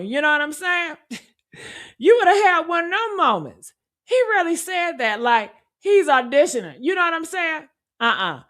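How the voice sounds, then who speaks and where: A woman's voice: high-pitched, very animated, a little slow, a bit bright. A woman giving blunt, sarcastic true crime commentary, swearing freely and talking straight to her viewers. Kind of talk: casual video commentary.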